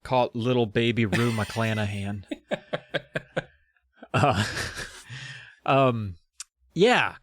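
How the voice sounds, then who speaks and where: A man's voice: medium pitch, extremely slow, pauses often. A man hosting a podcast, recapping a book chapter in a joking, rambling way with asides. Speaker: podcast host. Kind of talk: casual comedic book recap.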